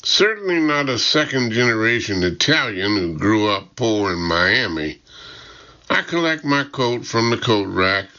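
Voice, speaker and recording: A man reading a first-person audiobook narration in a measured, dry and wry way. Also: fairly low pitch, very animated, sharp tone, muffled recording.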